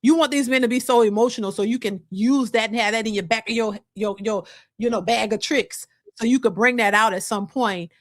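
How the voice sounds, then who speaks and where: A woman's voice: fairly high pitch, fairly quick, no room sound, studio quality. A woman, talking casually and emphatically as host of a livestream. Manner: animated, emphatic, restarts often. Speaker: host of a reaction channel.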